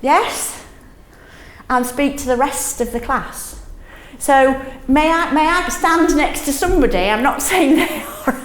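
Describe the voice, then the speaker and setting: A middle-aged woman leading a teaching workshop in a classroom, lively, often checking in with "yes?". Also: high-pitched, unhurried, reverberant. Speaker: teaching trainer.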